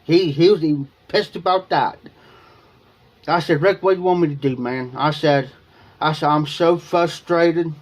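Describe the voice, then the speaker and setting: This livestream host from Ohio rambles through a lengthy personal story for his viewers, going over the same points again and quoting dialogue. He speaks at a normal speed in a slightly high voice, leaving long pauses.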